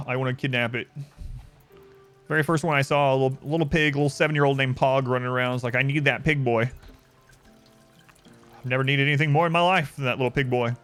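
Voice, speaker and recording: A man's voice: mid-range voice, quick pace, fairly bright tone, faint music behind. Wry male game streamer chatting to chat. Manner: rambling, wry, chatting to viewers. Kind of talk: casual live-stream commentary.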